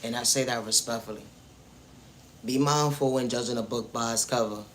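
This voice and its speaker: A spiritual vlogger speaks at normal speed in a steady, mid-range voice, with slight background noise. His motivational monologue about faith and self-worth is preachy, aimed straight at the viewer, and full of recurring refrains.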